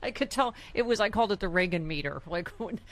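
A woman's voice: lowish voice, lively intonation, fast talker. Playful laughing woman host. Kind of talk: casual chat.

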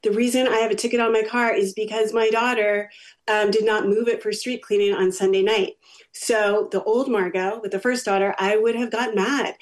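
Brief: middle-aged woman, talk show guest and parent coach, lively storyteller. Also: medium pitch, normal speed. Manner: animated storyteller who acts out quotes. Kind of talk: interview guest telling a personal story.

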